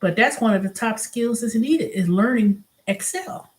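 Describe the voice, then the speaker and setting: The host, a middle-aged woman, talks at a moderate pace with a voice on the high side. On her casual vlog she vents animatedly, performs quoted voices, and tends to restart and repeat things.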